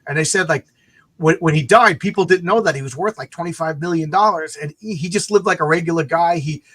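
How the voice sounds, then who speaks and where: A man's voice: fairly high pitch, quick pace, husky. A man hosting a casual chat, telling an anecdote and acting out the voices of people in it. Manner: animated, acts out voices in anecdotes. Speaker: host.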